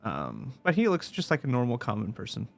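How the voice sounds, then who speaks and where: Rambling male dungeon master, lively voice. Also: mid-range voice, brisk, gravelly, faint music behind. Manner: rambling, many fillers and restarts. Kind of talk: narrating a tabletop game.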